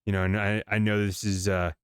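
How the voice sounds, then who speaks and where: Male interview host, resonant low voice, dry close recording, encouraging tone. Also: flat delivery, brisk, clear, resonant tone, no room sound. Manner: supportive, frequent short affirmations. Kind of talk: conversational interview.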